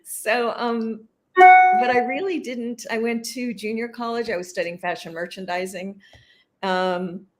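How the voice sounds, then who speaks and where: A woman in her sixties from California talks in a relaxed, chatty way as an interview guest. She laughs easily and reminisces with warmth. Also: on the high side, measured pace, faint music behind. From California, USA. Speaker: actress guest. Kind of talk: casual interview conversation.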